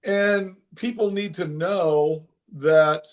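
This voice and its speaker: An older man, a former baseball manager, telling an emotional story in an interview with earnest, animated delivery. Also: sits high, very slow. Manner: earnest, animated, with frequent restarts.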